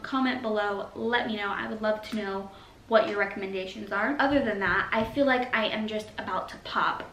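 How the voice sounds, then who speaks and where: A woman's voice: mid-range voice, fairly bright tone. A young pregnant woman chatting emotionally in a casual update vlog, short of breath and uncomfortable. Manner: chatty and emotional, says y'all. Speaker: vlogger. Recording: echoey room with faint noise.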